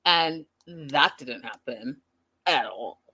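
A woman casually recapping a reality show, animated and acting out what people said. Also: very deep voice, slow, slightly rough. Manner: animated, quotes people in lively voices.

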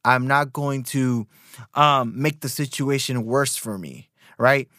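A man in his thirties hosting a podcast, telling stories in an animated rant full of fillers and restarts. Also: medium pitch, slow, no echo, studio quality. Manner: animated storytelling with many fillers. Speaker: podcast host.

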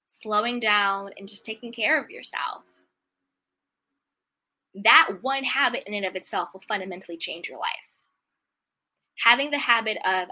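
A woman's voice: mid-range voice, pushed and bright. A woman hosting a self-help video, talking earnestly about gratitude and mindset in a casual monologue, repeating affirmations and briefly mimicking complainers. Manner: earnest, repetitive affirmations, acts out complaining voices.

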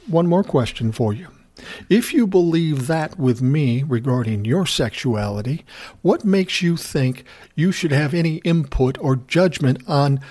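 A man's voice: fairly high pitch, darkish tone. A man hosting a casual ranting monologue, telling a story in a profane, sarcastic way. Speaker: commentary host.

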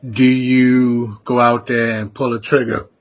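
A man co-hosting a sports podcast, asking questions in a halting, casual way. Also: mid-range voice, level tone. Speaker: podcast co-host.

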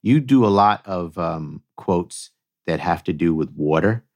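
A man's voice: sits low, expressive, unhurried, no echo, clean studio sound. A man co-hosting a comedy podcast, speaking in a wry, conversational way as the straight man. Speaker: podcast co-host. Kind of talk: casual comedic chat.

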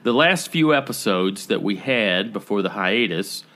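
Teasing, low-voiced young male co-host. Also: animated, unhurried, sharp tone. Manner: teasing, supportive, many mm-hmms. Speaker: podcast co-host. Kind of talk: casual chat.

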